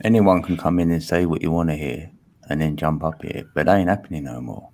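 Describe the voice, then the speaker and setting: A man's voice: very deep voice, brisk, darkish tone. A man hosting a live stream panel in casual, slangy chat, laughing often.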